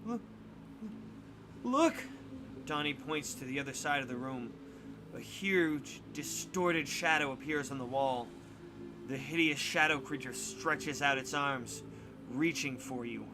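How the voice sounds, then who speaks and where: A man reading a spooky choose-your-path book aloud with dramatic, expressive narration. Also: mid-range voice, measured pace, noisy background. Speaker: storybook reader on a stream.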